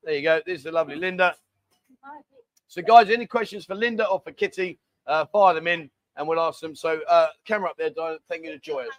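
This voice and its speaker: High-voiced chatty male stream host. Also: fast talker, dry recording. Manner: reads out viewer comments, chatty and jokey. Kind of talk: casual live stream chat.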